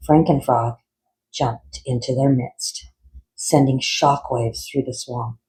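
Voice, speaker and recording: A man reading a children's picture book aloud in a measured, expressive way. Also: mid-range voice, rough recording. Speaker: storyteller.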